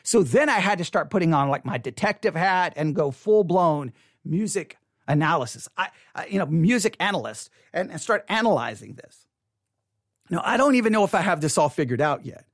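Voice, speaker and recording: A music commentator talks straight to the viewer in a loose, chatty way, acting out their own reactions with plenty of filler words. The pitch rises and falls in a lively way. The sound is dry, with no room echo. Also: moderate pace. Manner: chatty, animated, retells own reactions with lots of "like". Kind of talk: casual commentary video.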